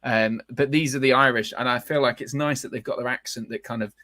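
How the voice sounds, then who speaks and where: A man's voice: mid-range voice, steady tone, fairly quick, sharp tone, no echo, clean studio sound. Rambling male livestream host. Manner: rambling, many fillers and restarts. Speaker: podcast host. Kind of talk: casual livestream chat.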